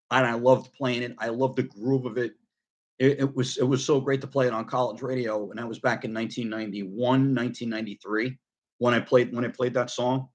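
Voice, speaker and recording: A middle-aged man talks casually to his viewers about a record he loves. His voice sits at an ordinary middle pitch. He rambles, restarts his sentences and fills pauses with ums. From United States. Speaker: record collector vlogger.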